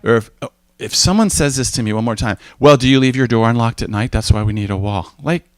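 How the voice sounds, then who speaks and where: A man giving a relaxed teaching talk in a mid-range voice, telling stories from his own life. He slips into quick acted-out voices when he quotes other people. The sound is dry and close, with no room echo. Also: mid-range voice. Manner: conversational, storytelling, acts out quoted voices.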